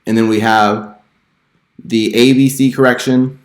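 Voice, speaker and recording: A man's voice: mid-range voice, steady tone, unhurried, echoey room. A man hosting a stock trading channel, casually walking through chart analysis with many filler words. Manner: chatty, full of "you know" and "uh" fillers.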